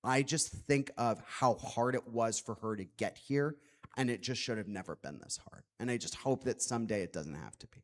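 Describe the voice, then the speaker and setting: A man's voice: medium pitch, normal speed. A man speaking as an author at a public book talk, earnest and reflective, with many "like" fillers.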